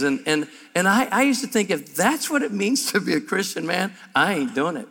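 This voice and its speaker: A man preaching a sermon to a room of men, emphatic and humorous, and his voice climbs higher and louder as he builds. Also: sing-song, a little fast. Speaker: pastor. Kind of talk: sermon at a men's breakfast. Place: large room before an audience. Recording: live hall with long reverb.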